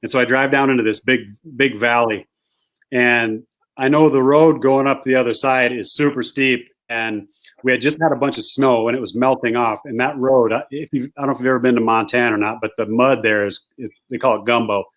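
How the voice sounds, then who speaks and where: A man guest, a hunting guide, telling a rambling, animated anecdote in casual conversation. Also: mid-range voice, brisk. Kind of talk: casual storytelling.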